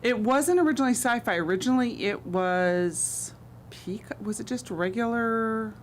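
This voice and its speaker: A woman's voice: a little high, normal speed, a little hiss or hum. A woman co-hosting a college radio talk show, chatting casually and laughing often in a small studio. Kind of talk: casual chat.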